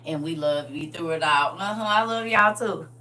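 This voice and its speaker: Folksy middle-aged woman, bright distant sound. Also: sits low, moderate pace. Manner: lively and folksy, addresses viewers as y'all, drops into soft whispers. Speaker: livestream host. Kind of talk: casual livestream chat with viewers. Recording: distant mic with faint hum.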